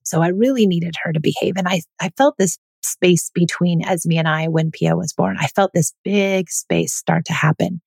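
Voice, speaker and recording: A woman's voice: on the low side, normal speed, creaky, hardly any pauses, darkish tone, breathy edge, no room sound. A woman in her thirties, a mother, speaking candidly and reflectively in a personal monologue. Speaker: mother telling her parenting story.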